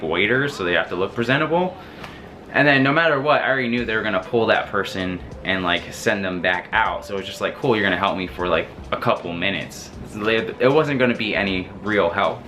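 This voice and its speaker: A young man telling a story in a casual, animated way, laughing often and swearing freely. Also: mid-range voice, slight background noise. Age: young adult. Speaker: vlogger.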